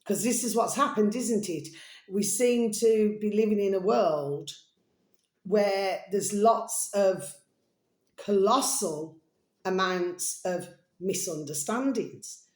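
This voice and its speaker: A woman with a Birmingham accent talks into her vlog in a rambling, chatty way that keeps circling back on itself. She turns indignant and ranty as she goes. Her pitch sits in the middle, and the room around her is echoey. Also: slow, darkish tone. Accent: Birmingham English. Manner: rambling, chatty, repeats "my delicious little babies"; indignant ranting about bins. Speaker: vlogger.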